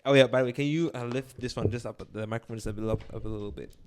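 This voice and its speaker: A man's voice: medium pitch, very fast, clean tone. A man hosting a casual interview, talking emphatically and repeating his points. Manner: emphatic, says "bro" a lot, repeats himself. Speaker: host.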